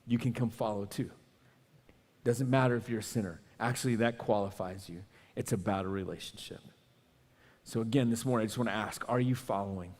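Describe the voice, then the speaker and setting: A man preaching a sermon as a pastor, telling a story with animated, acted-out quotes and then praying quietly. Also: lowish voice, brisk, big-room sound.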